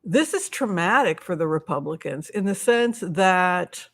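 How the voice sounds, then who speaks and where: A woman's voice: fairly low pitch, expressive, a little slow, a bit bright. A woman hosting a casual live stream as a tarot reader, chatting in a rambling way with many asides while she answers viewers' questions and thanks donors.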